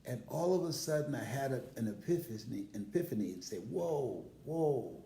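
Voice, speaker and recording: A man's voice: mid-range voice, lively intonation, normal speed, warm tone, reverberant. An older man, a motivational speaker, telling personal stories in a casual live stream and laughing heartily as he talks.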